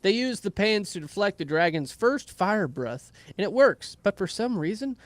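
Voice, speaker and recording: Recapping an anime for his podcast, a man with a high-pitched voice talks at a normal speed, with a little hiss or hum on the recording. He's animated and casual, cursing liberally and slipping into playful voiced asides for the characters.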